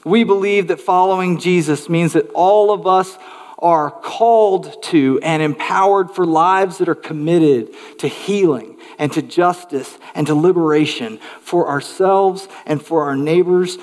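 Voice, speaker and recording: Male pastor, earnest emphatic sermon, somewhat high voice, long reverb. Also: a little slow, darkish tone. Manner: earnest, emphatic preaching with rhetorical questions.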